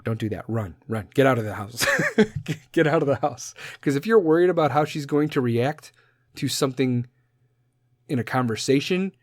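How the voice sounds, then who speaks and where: A man in his thirties hosting a podcast, rambling through a profane comedic monologue, laughing at his own jokes and swinging between loud outbursts and low mutters. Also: no room sound, studio quality. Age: 30s. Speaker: podcast host.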